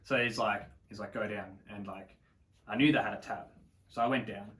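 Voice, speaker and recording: A man's voice: lowish voice, fairly even intonation, moderate pace, fairly bright tone, distant mic. A young Australian man casually telling a long story as a podcast guest, swearing freely and acting out what people said. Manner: swears a lot, acts out quotes.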